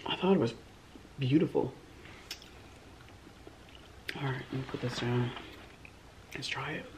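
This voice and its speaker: A woman's voice: a bass voice, unhurried, noisy background. A woman hosting a mukbang eating vlog, murmuring "mmm" between bites and gushing over the food in a shy, casual way. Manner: self-described shy. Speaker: mukbang host.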